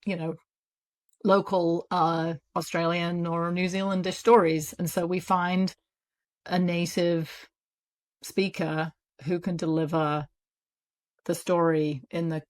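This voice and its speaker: A woman with a British accent, an audiobook publisher talking casually and animatedly as an interview guest. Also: lowish voice. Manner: animated, chatty, quick asides with laughs.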